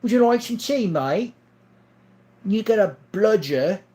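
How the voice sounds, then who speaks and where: A man's voice: sits high, lively intonation, slow pace, dark tone, voice pushed up. A man voicing a jolly, overfriendly down-under bloke in a put-on Australian accent with an Irish twist. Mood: chummy. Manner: chummy, sing-song, overfriendly. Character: jolly male down-under bloke offering tea.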